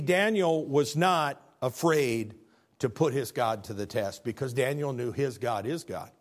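A man preaching a sermon as pastor, in a lively, conversational way, acting out the people he quotes. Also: sits high. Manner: animated, conversational preaching that acts out quoted figures.

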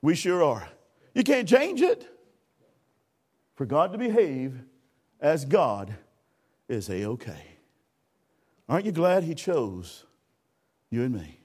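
High husky preacher guy, animated, asks the crowd for amens. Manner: animated, acts out a lifeguard rescue with shouts; calls for audience response. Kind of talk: sermon.

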